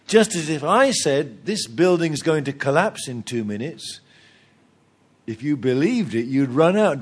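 A man's voice: on the high side, big pitch swings, normal speed. A man preaching a sermon with humor, acting out little dialogues and chuckling at his own jokes.

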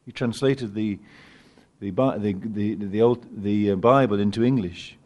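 An older man preaching a sermon, swinging from loud emphatic lines to quiet asides. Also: mid-range voice, unhurried. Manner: animated preaching, rising loud on key words, dropping to quiet asides.

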